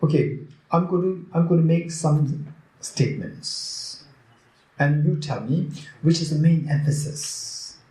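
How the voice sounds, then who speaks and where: Slow and dark-toned, this man's voice sits on the high side as he teaches at a retreat as a Buddhist teacher. Repeating key phrases, he questions his students again and again and teases them, with the room around him echoing.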